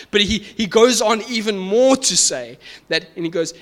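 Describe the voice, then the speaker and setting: A man's voice: high-pitched, expressive, moderate pace, fairly bright tone. A man preaching a sermon to a congregation, explaining scripture with emphatic, rising intensity. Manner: emphatic, builds to raised fervent peaks. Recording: reverberant hall.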